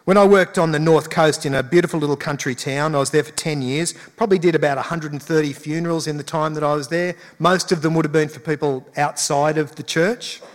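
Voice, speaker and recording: A man's voice: a little high, steady tone, a little fast, hardly any pauses. A male pastor giving a conversational sermon with emphatic rises. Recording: long hall reverb.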